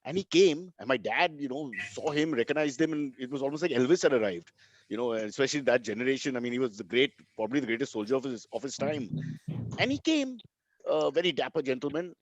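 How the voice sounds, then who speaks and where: A man's voice: mid-range voice, poor audio. A middle-aged man with an Indian English accent, telling wry comic stories as co-host of a comedy show. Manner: wry, deadpan jokes. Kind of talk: comic storytelling.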